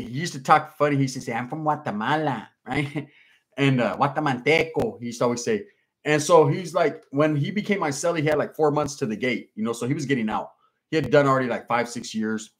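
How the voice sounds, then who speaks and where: A man hosts a live stream and spins a long story in relaxed street slang. He talks at an easy middle pitch and stops now and then to read out chat comments. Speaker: livestream host. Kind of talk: casual storytelling on a livestream.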